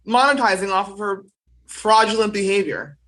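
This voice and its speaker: A woman's voice: mid-range voice, normal speed, fairly bright tone, rough recording. A woman co-hosting a podcast, chatty and teasing in casual talk. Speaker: podcast co-host.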